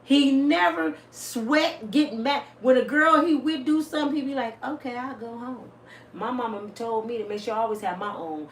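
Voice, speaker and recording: Blunt, lively woman vlogging in a roomy space. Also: on the high side, normal speed, hardly any pauses. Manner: blunt, salty, animated storytelling. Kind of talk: casual monologue to viewers. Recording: roomy, a bit distant, faint hiss.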